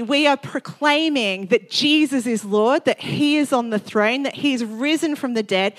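Brief: a fervent woman preacher with a fairly high voice, quick and worked up, building to loud exclamations. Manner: fervent, fast-paced, rising to exclamations. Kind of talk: sermon.

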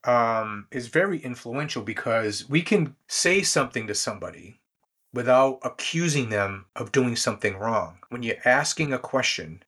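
A man's voice: medium pitch, expressive, moderate pace, a bit bright, slightly rough. A man appearing as a guest on an interview show, explaining leadership habits in an easygoing way with many fillers and restarts. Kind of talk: conversational interview.

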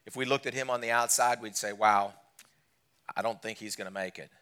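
A man preaching a sermon to a church congregation, asking them direct questions and swinging between loud emphatic lines and quiet low drops. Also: fairly even intonation, a little fast, smooth. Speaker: guest preacher. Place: church service.

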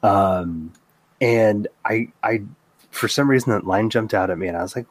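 A man's voice: on the low side, moderate pace, a little hiss or hum. A man co-hosting a casual podcast, chatty and wry, acting out his own reactions in quotes. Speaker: podcast co-host.

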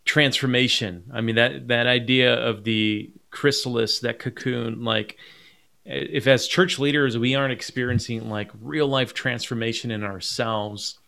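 A man's voice: mid-range voice, steady tone, unhurried, vocal fry, sharp tone. A man hosting a podcast, responding in an encouraging way and searching for words as he talks. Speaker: podcast host. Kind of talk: conversational podcast.

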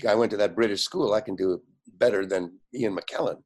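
An older man with a low, gravelly, somewhat husky voice tells stories at length. He brings the people in his stories to life by voicing their lines, and scatters fillers and laughs through his speech. He comes across as a lively, animated storyteller. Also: fast talker. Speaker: guest. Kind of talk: anecdotal storytelling.

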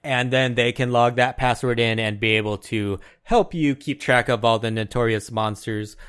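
A man's voice: mid-range voice, normal speed, clean tone. A man co-hosting a casual gaming podcast, explaining things in a laid-back way and slurring his words together a bit. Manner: self-described mumbler, relaxed explaining. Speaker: podcast co-host.

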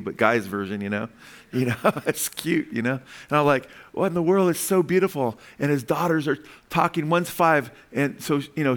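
A man preaching a sermon, emphatic and heartfelt, often tagging lines with "amen?" and "you know", and stumbling over repeated words when moved. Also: mid-range voice. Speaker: pastor.

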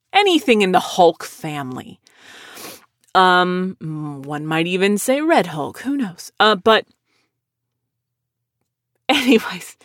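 Sardonic woman, lower voice, dry close mic; casual, animated storytelling. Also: no room sound.

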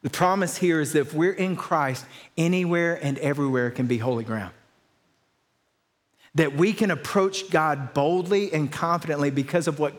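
A male pastor delivering a sermon in an easygoing, conversational style. His voice sits a little high for a man, and he drops casual slang asides into his preaching.

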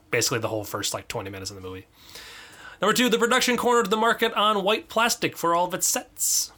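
A man co-hosts a loose film chat, cracking jokes, laughing often and restarting his sentences. His voice is bright and rises and falls a great deal. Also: high voice, lively intonation, quick pace. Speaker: podcast co-host. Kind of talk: casual chat.

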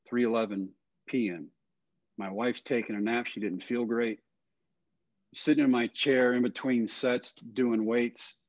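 Low-voiced older man telling a story. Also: dry recording. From Texas. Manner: earnest, plain-spoken storytelling, often trailing off softly. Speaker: guest. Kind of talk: storytelling in a podcast interview. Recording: dull, dry, lo-fi audio.

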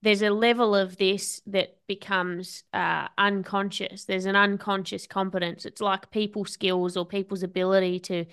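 A woman's voice: medium pitch, little pitch movement, normal speed, few pauses, fairly bright tone, clean tone. A woman with an Australian accent, hosting a podcast and chatting reflectively, thinking aloud. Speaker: podcast host. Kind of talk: casual conversation.

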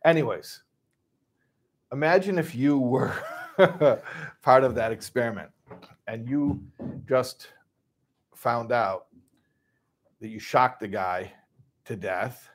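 A man from Chicago casually retelling a story, animated and full of restarts, acting out voices. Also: medium pitch, slow, long pauses, slight background noise. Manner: animated, acts out voices, many restarts and asides.

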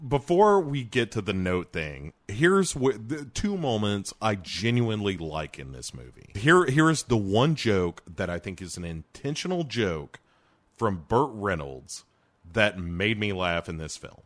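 A man co-hosting a casual film review chat, giving wry, sarcastic commentary with the odd curse. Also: lowish voice. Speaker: podcast co-host reviewing a film.

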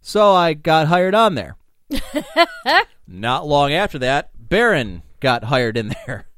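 A man's voice: a little high, huge pitch swings, takes it slowly, a bit bright, no echo, clean studio sound. A man hosting a podcast, telling rambling, profane stories in casual chat. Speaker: podcast host.

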